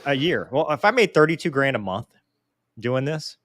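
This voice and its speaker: This forties-aged host reads viewer mail on a casual live Q&A, keeping things animated with self-deprecating jokes. He has a medium-pitched voice and a moderate pace, in clean studio sound with no room sound.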